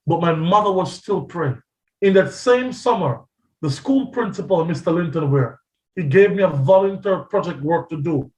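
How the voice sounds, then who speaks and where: A man's voice: fairly high pitch, darkish tone. A man preaching a testimony sermon as a pastor, telling his story dramatically and acting out the voices he quotes. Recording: echoey, from a distance.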